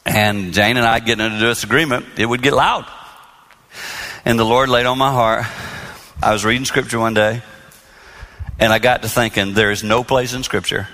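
A middle-aged man giving an earnest sermon-style talk to a live audience, sometimes dropping to a soft hush. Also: mid-range voice, moderate pace, long pauses. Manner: earnest, drops to a soft hush when acting out calm replies. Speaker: marriage speaker.

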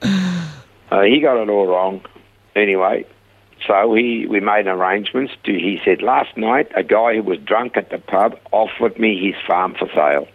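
A man's voice: fairly low pitch, expressive, unhurried, narrow, tinny audio. An older man with a Swiss accent, telling his life story in an interview and acting out the dialogue. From Switzerland.

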